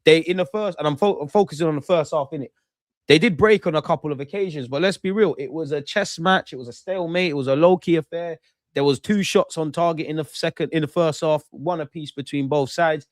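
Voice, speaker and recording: A young man hosts a football reaction stream, talking in slangy, animated bursts. His voice sits a little high and sounds close and dry on the mic. He swings between heated rants and calmer analysis of the match. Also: a little fast, no room sound. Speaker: football watchalong host. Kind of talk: casual post-match reaction.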